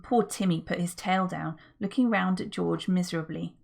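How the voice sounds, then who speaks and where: A woman's voice: on the low side, normal speed, creaky, a little mellow. A woman reading a children's adventure book aloud as a narrator, telling the story expressively. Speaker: audiobook reader.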